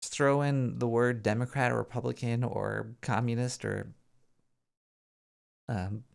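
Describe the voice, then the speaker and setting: Man, show host, gravelly creaky voice, loose jokey rambling banter. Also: mid-range voice, steady tone, unhurried. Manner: rambling, jokey, thinks out loud. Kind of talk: casual live show banter.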